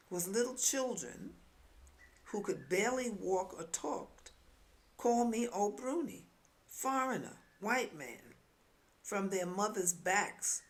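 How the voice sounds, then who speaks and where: A woman with a New York accent, reading her memoir aloud in a wry, storytelling way. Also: mid-range voice. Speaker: memoir author.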